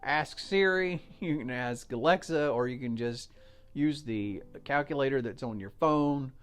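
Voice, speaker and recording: A man's voice: mid-range voice, measured pace, smooth. An American man hosting a solo podcast, chatting casually and walking listeners through simple numbers step by step. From United States. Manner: chatty, folksy, explains step by step with fillers. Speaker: podcast host.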